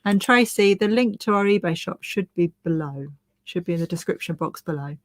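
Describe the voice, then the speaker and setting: Relaxed lady reading comments on a live stream, giggly, dry close mic. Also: on the low side, brisk, no room sound. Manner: easygoing, laughs often. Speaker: co-host reading out viewer messages. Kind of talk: casual live chat.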